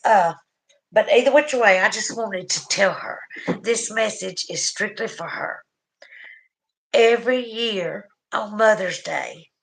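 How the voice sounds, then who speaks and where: A woman's voice: lowish voice, gravelly, fairly bright tone, poor audio. A middle-aged woman with a Southern US accent, tearful, rambling through an emotional livestream chat and often trailing off. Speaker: livestream host.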